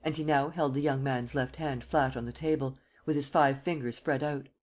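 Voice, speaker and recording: A woman narrating a classic detective novel as an audiobook in a steady, measured way. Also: a bass voice. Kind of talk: scripted narration.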